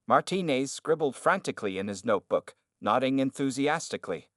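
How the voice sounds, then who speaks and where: A man narrating a scripted story in a steady, even delivery. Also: mid-range voice, fairly quick, hardly any pauses, no room sound, clean studio sound.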